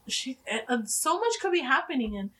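A woman's voice: high voice, very animated, fairly quick, a bit bright. A young adult woman hosting a podcast in casual chat, talking chattily with lots of "like" fillers and frequent laughs. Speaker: podcast host.

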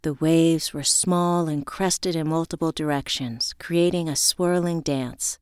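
A woman narrating a first-person story in a reflective, measured way. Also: deep voice, steady tone, darkish tone, smooth, no room sound, clean studio sound.

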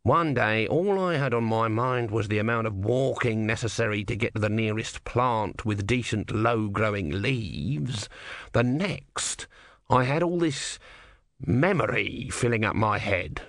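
A man's voice: on the low side, expressive, unhurried, a bit bright, no echo, studio quality. A man voicing a bitter, sarcastic male god trapped as a small tortoise, in a storybook reading. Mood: exasperated. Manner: sarcastic, exasperated.

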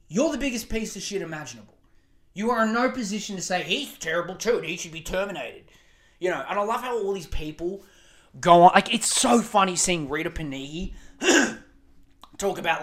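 A man's voice: sits high, fairly bright tone. A man hosting a podcast. He rants with heavy swearing and sarcasm. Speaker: podcast host. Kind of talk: profane ranting commentary.

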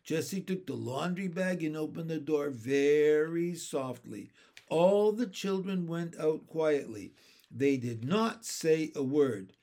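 A man reading a children's chapter book aloud in a gentle storytelling manner. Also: fairly high pitch, lively intonation, slow, vocal fry. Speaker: narrator. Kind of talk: audiobook narration of a children's book.

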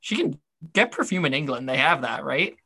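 Bright-voiced podcast co-host, dry close mic. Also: mid-range voice, sing-song, a little fast, creaky, slightly rough, no room sound. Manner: rambling, many fillers, wry asides. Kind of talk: casual discussion of a TV episode.

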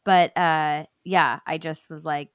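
A woman's voice: low voice, steady tone, slow, smooth, no room sound, clean studio sound. A woman co-hosting a podcast, talking in an earnest, chatty way. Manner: earnest, chatty, many fillers. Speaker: podcast co-host. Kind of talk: casual chat.

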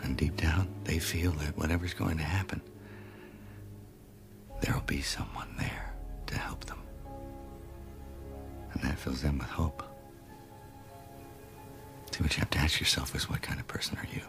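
An actor playing a solemn man who muses on miracles and fate in a low, hushed half-whisper, taken from a film soundtrack. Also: unhurried, creaky, long pauses, exaggerated voice. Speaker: film character. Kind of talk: dramatic film monologue. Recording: film soundtrack with music underneath.

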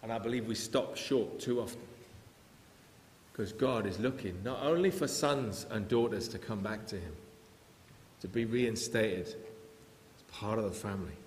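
A man preaching a sermon in an earnest, storytelling way, with quiet prayerful moments. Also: lowish voice, unhurried. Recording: echoey hall with faint hiss.

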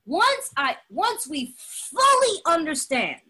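High, bright, emphatic woman. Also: slow pace. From Latin American heritage. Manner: animated, emphatic, dramatic storytelling; laughs often while talking. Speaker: recovery meeting speaker. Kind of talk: personal testimony talk.

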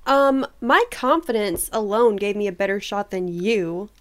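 A woman co-hosting a podcast, chatting casually in a blunt, swearing way and explaining slang. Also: mid-range voice. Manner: blunt and swearing, quick asides. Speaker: podcast co-host. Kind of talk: casual chat.

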